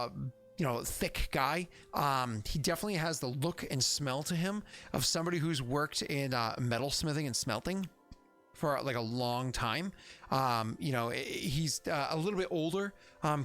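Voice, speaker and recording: A man's voice: fairly high pitch, a bit bright. A man narrating as game master of a tabletop game, rambling with lots of fillers.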